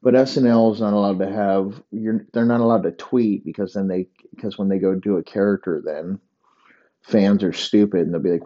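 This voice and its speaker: A man's voice: lowish voice, fairly even intonation, moderate pace, dark tone, highs cut off. A man hosting a solo comedy podcast, rambling and provocative, swearing constantly. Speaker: podcast host.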